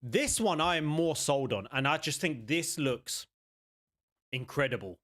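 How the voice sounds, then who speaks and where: A young man hosting a gaming channel, chatting casually and excitedly as he reacts to game trailers in a rambling, jokey way. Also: on the high side, measured pace.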